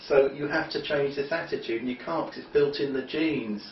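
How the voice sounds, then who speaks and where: A man's voice: medium pitch, normal speed, a little hiss or hum. A man giving an opinionated, rambling monologue with emphatic restarts. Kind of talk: monologue talk. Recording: roomy, distant, dull lo-fi.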